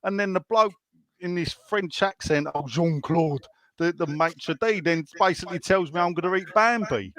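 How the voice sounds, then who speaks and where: A man's voice: high-pitched, moderate pace, sharp tone. A man with a Cockney accent, a guest telling rambling, laughing stories in casual chat, with many restarts. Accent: London Cockney. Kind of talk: casual podcast chat, storytelling.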